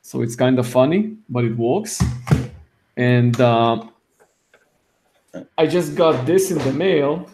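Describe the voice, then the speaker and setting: A friendly man speaking English as a second language, pausing often on "uh" as he joins a casual live chat. His voice sits at an ordinary middle pitch. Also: over music. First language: not English. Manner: friendly, hesitant with many "uh" fillers. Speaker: guest.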